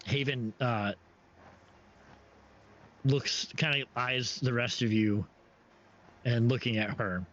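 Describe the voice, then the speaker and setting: A man narrating as game master for a tabletop game, halting and full of restarts. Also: medium pitch, a bit bright. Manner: halting, many restarts and fillers. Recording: dull lo-fi stream audio.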